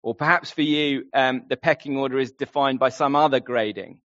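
A man's voice: medium pitch, moderate pace, a bit bright, dry recording. A man preaching a sermon in an earnest way, often putting questions straight to his listeners. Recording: slightly dull lo-fi sound.

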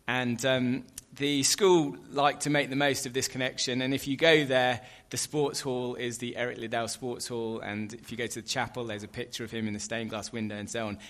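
A man preaching a sermon in a relaxed, conversational way, with fillers and light asides. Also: mid-range voice, moderate pace, few pauses.

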